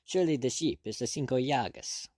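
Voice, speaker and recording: A man's voice: medium pitch, brisk, no room sound, clean studio sound, close to an everyday voice. Man doing a bewildered, captured sea captain. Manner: startled, questioning, excitable. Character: proud captured male sea captain, bewildered but stoic.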